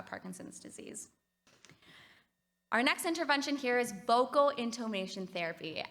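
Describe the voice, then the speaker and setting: A Canadian woman talks to a conference audience about music therapy. Her voice is bright and forceful. She is upbeat and encouraging as she leads the room through simple exercises. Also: mid-range voice, vocal fry. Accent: Canadian English. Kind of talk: conference presentation. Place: conference hall.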